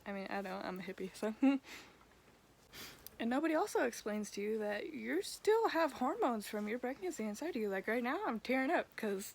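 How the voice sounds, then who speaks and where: A woman's voice: on the high side, lively intonation, normal speed, long pauses, breathy edge. A young woman talking to her camera in a candid personal vlog, frank, blunt and casual, with mild swearing. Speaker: vlogger.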